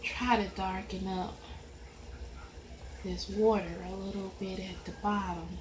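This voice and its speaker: A woman with a Southern accent and a high voice, talking slowly and rambling in a chatty, easygoing way as she colors. Her voice carries in a roomy, echoey space. A faint hiss of noise sits underneath. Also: flat delivery. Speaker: coloring video creator. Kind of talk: casual chat while coloring. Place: at home at a coloring desk.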